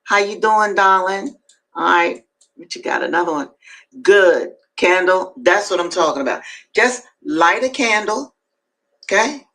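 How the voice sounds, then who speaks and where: A woman hosts a live-streamed reading at an unhurried, drawn-out pace. She chats with her viewers and reads aloud, and her voice climbs high whenever she stresses a point. Her pitch sits in the middle for a woman. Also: animated, sharp tone, low-quality recording. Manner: chatty asides to viewers. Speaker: host and reader.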